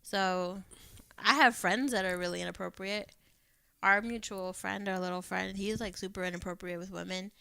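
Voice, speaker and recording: A woman's voice: medium pitch, fairly even intonation, moderate pace, creaky, sharp tone, clean tone, no room sound. A woman co-hosting a podcast, talking candidly in casual chat, swearing freely and acting out what people said. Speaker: podcast co-host.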